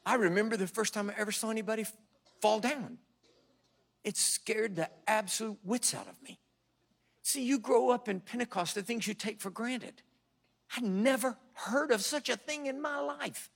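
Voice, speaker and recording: Middle-aged guy preaching a sermon, kinda high voice, goes quiet then loud, does voices for quotes. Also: normal speed, vocal fry. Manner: dramatic, swinging from hushed to loud. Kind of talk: sermon with storytelling.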